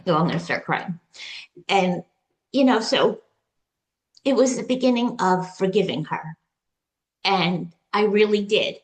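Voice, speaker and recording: A woman guest in an interview, telling a personal story in a halting, emotional way, with many fillers and restarts. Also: medium pitch. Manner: recounts dialogue in quoted voices. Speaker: retreat client, interview guest.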